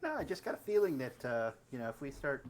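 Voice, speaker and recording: A man playing a tabletop game, playful and quick to laugh, planning with his party. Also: mid-range voice, sing-song, slight background noise. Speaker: player. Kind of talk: tabletop game chat in character.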